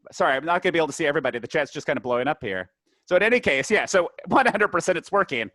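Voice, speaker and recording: A man's voice: a little high, animated, rapid-fire, pushed and bright, no echo. A man hosting a webinar on a video call, talking in a casual, chatty way with many fillers. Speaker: community program manager, webinar host.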